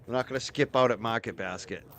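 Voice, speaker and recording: A man's voice: mid-range voice, fast, fairly bright tone. A man with a Boston accent, co-hosting a livestream and chatting loosely, reading out chat thanks and rambling with a bit of swearing. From north of Boston area. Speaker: livestream co-host.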